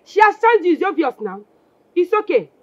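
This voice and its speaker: An actress playing a scornful, jealous wife with a Nigerian accent, mocking and dismissive. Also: female voice, extremely high pitch, big pitch swings, a little fast, no echo, lo-fi sound. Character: scornful jealous wife, sharp-tongued, suspicious. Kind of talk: Nollywood film acting.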